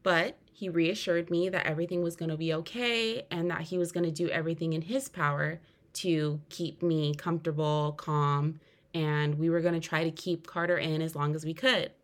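A woman's voice: low-pitched, fairly even intonation, normal speed. A young woman hosting a podcast, telling her own story earnestly, with sudden emphatic rises. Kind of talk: personal storytelling.

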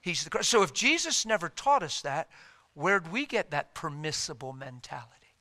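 A male preacher giving a sermon, telling stories in an animated, humorous way. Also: a little high, normal speed.

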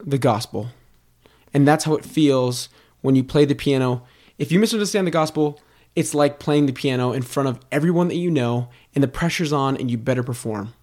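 A man's voice: mid-range voice, a little fast, darkish tone. A young man co-hosting a casual faith podcast, talking with enthusiasm and building on his partner's ideas. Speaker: podcast co-host.

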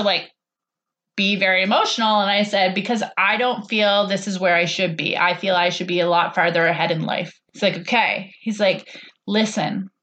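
A woman's voice: medium pitch, fairly bright tone. A woman hosting a podcast, casually telling a personal story and quoting others in a chatty, conversational way. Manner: chatty, quotes others in conversation, frequent "like" and "he's like". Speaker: podcast host.

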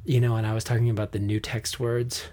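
A man's voice: medium pitch, flat delivery, quick pace, dark tone. A man in an earnest, casual faith talk, reading scripture aloud and sharing how it moves him, with frequent ums and restarts.

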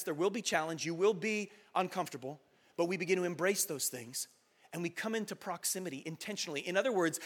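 A man in his thirties preaching a sermon as pastor, passionate and building to loud exhortation, acting out quoted voices. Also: on the high side.

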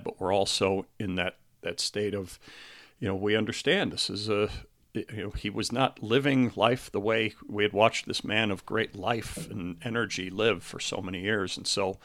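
A middle-aged man hosting a podcast, speaking about a recent loss in a halting, earnest way, grieving and close to tears. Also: on the low side, fairly bright tone. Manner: halting and earnest, with many restarts. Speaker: podcast host. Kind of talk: personal monologue.

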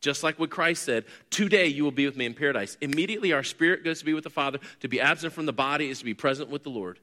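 A man's voice: a little high, very fast, pushed and bright. A man teaching a sermon in an earnest, explanatory way, lifting his voice on key points. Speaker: pastor or teacher.

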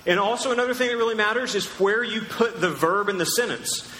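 Emphatic pastor in an echoey hall. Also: male voice, high-pitched, fast talker, pushed and bright, slight background noise. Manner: emphatic, teacherly, asks the crowd questions. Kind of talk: sermon. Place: large church hall. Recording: echoey church hall with long reverb.

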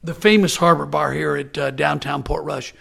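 Gravelly older man hosting a podcast. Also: a little high, steady tone, normal speed, fairly bright tone. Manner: friendly, chatty storyteller. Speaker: podcast host. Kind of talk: casual podcast chat.

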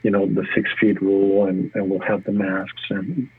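A man with a low, husky voice talks about coaching with eager energy, often breaking off and restarting his sentences. The sound is dry and close, squeezed thin like a phone call. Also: little pitch movement, moderate pace, no echo. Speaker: gym owner and fitness coach. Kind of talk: casual interview talk. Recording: tinny phone-like line.

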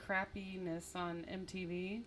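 A woman's voice: fairly low pitch, little pitch movement, a little slow. A woman co-hosting a casual music podcast, chatting in an upbeat way with lots of fillers. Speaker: podcast co-host.

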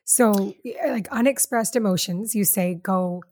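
A woman's voice: medium pitch, measured pace, dark tone, no echo. Woman podcast host, dry close sound. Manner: affirming, thinks aloud, restates the guest's ideas. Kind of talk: casual interview chat.

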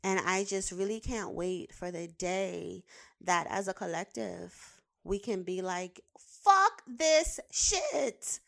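A woman's voice: fairly low pitch, little pitch movement, measured pace, gravelly. A woman giving a heated, profane commentary, repeating words for emphasis; she works in the behavioral sciences. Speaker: behavioral science professional with clients. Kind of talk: casual ranting commentary.

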